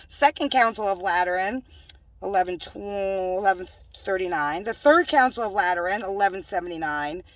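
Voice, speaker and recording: A woman's voice: medium pitch, lively intonation, moderate pace, no echo. Scolding woman preaching from a distance. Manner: emphatic, scolding, joking asides. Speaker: self-styled religious preacher. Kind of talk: home-made religious video rant.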